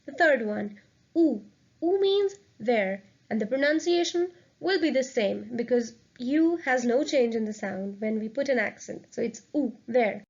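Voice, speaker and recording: A woman explains French pronunciation in a clear, upbeat teaching manner. Her voice sits high. The recording is slightly dull and lo-fi. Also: animated, measured pace, a little mellow. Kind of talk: lesson narration.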